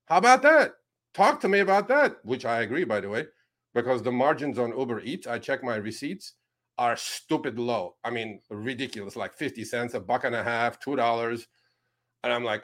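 A man's voice: mid-range voice, animated, moderate pace, a bit bright. A man who drives rideshare, co-hosting a casual talk show and ranting sarcastically about his work, with frequent fillers and restarts. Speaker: rideshare driver and podcast co-host. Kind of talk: animated casual chat.

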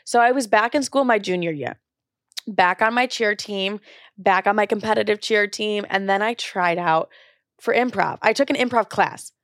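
Speaking at a moderate clip in a medium pitch, a young podcast host shares a personal story with chatty candor. She swears without restraint and performs other people's lines with lively impressions, all captured in clean studio audio with no room sound.

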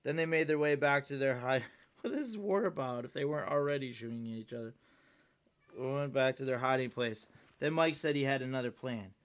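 A man's voice: medium pitch, brisk. A young man on his podcast reading aloud his own childhood story, with amused, chatty asides. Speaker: podcast host.

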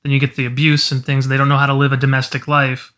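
A man's voice: medium pitch, monotone, fast talker, bright, forceful tone. A man co-hosting a casual podcast, talking earnestly and filling his speech with "you know.". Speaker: podcast co-host. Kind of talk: casual chat.

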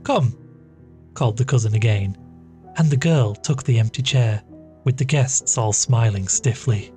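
A man reading a classic story aloud as storyteller, in a measured, steady manner. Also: medium pitch. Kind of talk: scripted narration of a classic story. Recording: faint background music.

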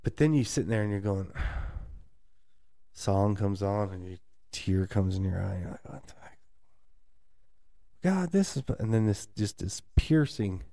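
A man holds forth in relaxed, animated conversation, slipping into other people's voices as he tells it. His tone is warm and mellow, and the recording is close and dry with no room sound. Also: lowish voice, unhurried, creaky, no room sound. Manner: animated, acts out quoted voices of friends and family. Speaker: podcast co-host. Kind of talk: casual chat.

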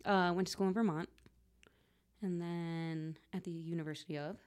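A woman's voice: lowish voice, fairly even intonation, normal speed. A woman in her forties from Connecticut, chatting casually as an interview guest, laughing often and trailing off with lots of fillers. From Connecticut, USA. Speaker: guest, fermented foods producer.

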